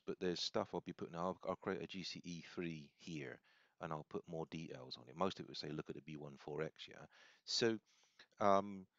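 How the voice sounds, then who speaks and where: Low-voiced rambling man. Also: no room sound. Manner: rambling, self-correcting, thinks aloud. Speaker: hobbyist demonstrating software. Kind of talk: casual screen-recorded demo. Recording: dull, slightly lo-fi sound.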